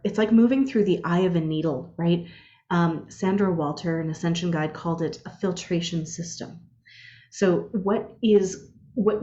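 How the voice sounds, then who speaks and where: A woman giving a spiritual guide's casual energy update, telling personal stories in an animated way. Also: lowish voice, dull audio. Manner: animated storyteller, acts out her own quotes.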